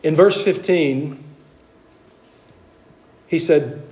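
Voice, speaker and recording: A man preaching a sermon, moving between hushed asides and emphatic, high-pitched exclamations. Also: animated, moderate pace.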